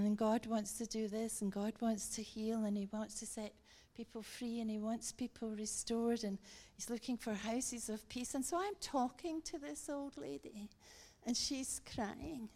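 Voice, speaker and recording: A middle-aged woman giving a guest sermon, telling a story with animated emphasis and emphatic repetition. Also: on the high side, moderate pace. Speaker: guest speaker.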